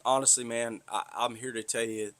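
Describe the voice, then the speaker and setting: A man's voice: mid-range voice, little pitch movement, moderate pace, fairly bright tone. A man from north Florida with a Southern accent, hosting a podcast in a rambling, profane, blunt monologue. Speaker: podcast host. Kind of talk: casual monologue.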